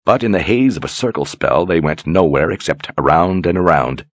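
A man narrating a fantasy audiobook in a measured, dramatic way. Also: sits low, no echo. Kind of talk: scripted narration.

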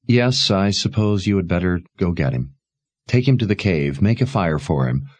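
A man voicing a weary, protective mother who speaks softly and tenderly in a storybook reading. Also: sits low, expressive, normal speed, no room sound. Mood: firm. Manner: soft, tender.

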